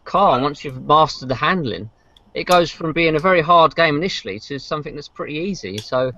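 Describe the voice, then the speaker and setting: A man's voice: a little high, animated, fairly quick, bright, forceful tone, dry recording. A man co-hosting a podcast, chatting casually about racing games in a rambling way with many restarts. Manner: rambling, frequent fillers and restarts. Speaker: podcast co-host. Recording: dull lo-fi podcast audio.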